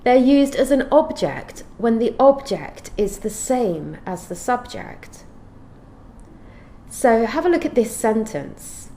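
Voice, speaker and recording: A woman teaching an English grammar lesson, explaining clearly and reading out example sentences in a measured way. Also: on the high side, very animated, dark tone, a little hiss or hum.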